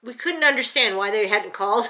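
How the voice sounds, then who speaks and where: Woman, middle-aged, from the New York area, chatty storytelling vlog, animated with fillers, bright voice, home setting. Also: a little high, fairly quick. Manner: animated, chatty retelling full of "like" and restarts. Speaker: vlogger. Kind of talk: casual storytelling.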